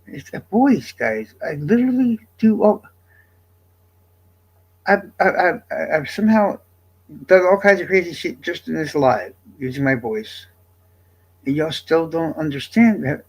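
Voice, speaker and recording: Gravelly, blunt live-streamer man. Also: a little high, animated, unhurried, pauses often, rough recording. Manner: blunt, exasperated, profane. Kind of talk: casual live-stream chat.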